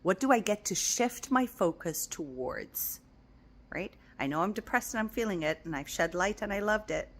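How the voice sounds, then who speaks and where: A woman giving a spiritual self-help talk, tender and affirming, often dropping into soft whispers. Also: mid-range voice, animated, moderate pace. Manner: coaxing and affirming, repeating phrases. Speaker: spiritual teacher.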